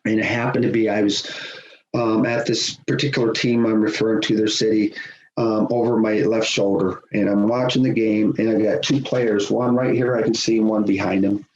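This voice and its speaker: A middle-aged man, a guest on a podcast, telling a personal story in a lively conversational way, chuckling as he goes. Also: on the low side, moderate pace. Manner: animated, acts out quoted voices, chuckles often. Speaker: podcast guest, hockey official. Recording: roomy, dull sound with faint hiss.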